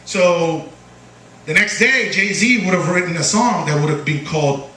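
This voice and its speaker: A man doing a stand-up set on a small bar stage, halting with lots of uh and restarts, and jumping high when quoting voices. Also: sharp tone, distant mic, slight background noise. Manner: halting delivery full of uh and restarts, jumps high for quoted voices. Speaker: stand-up comedian. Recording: echoey bar room recorded from afar. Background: bar crowd ambience and laughter.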